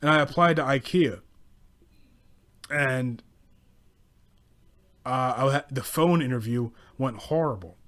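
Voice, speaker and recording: A man's voice: mid-range voice, slow, pauses often, fairly bright tone. Rambling, profane man telling work stories. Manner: profane, rambling, with frequent restarts. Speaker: podcast host. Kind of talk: casual solo storytelling rant.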